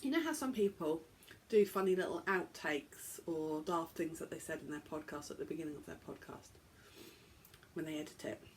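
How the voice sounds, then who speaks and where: A woman's voice: deep voice, moderate pace, a little hiss or hum. A woman hosting a podcast, chatting casually and joking at her own expense as she stumbles over foreign words. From England. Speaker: podcast host.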